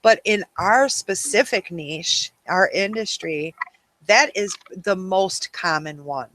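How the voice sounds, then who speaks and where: A woman hosts a webinar with a bright, forward voice. She talks casually and rambles, filling gaps with ums and you-knows. The sound is dry and close, with no room around it. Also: medium pitch, takes it slowly, no room sound. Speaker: webinar host.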